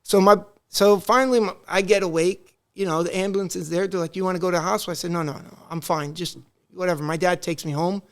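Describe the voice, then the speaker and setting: Brief: man, high voice, animated storyteller on a podcast. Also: fast talker. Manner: animated, acts out family dialogue. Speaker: podcast guest. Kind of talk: casual storytelling.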